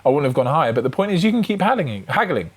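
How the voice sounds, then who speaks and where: A man with a Gibraltarian accent telling a story to camera in a frank, opinionated way, with lively shifts in his voice as he talks it through. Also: fast, slightly rough. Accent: Gibraltarian English. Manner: animated, acts out both sides of the chat with shifting pitch; frank and opinionated, asides to the viewer. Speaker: trading card collector and vendor. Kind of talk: storytelling vlog retelling a chat exchange.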